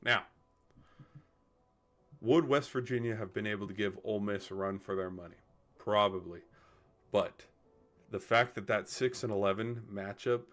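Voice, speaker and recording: A man talks through sports picks on a live stream in a casual, rambling way. He thinks out loud, corrects himself, and drops the odd swear word. His voice sits a little on the low side.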